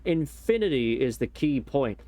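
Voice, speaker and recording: A man's voice: medium pitch, sing-song, measured pace, warm tone, no room sound. A young man casually rambling and joking while he streams a game, with some swearing. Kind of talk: casual gameplay commentary.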